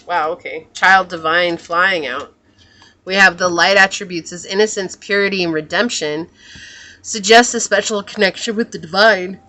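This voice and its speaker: Bright-voiced woman reading tarot. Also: on the low side, normal speed. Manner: musing, soft-spoken, often trails off and corrects herself. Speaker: tarot reader. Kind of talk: pick-a-card tarot reading.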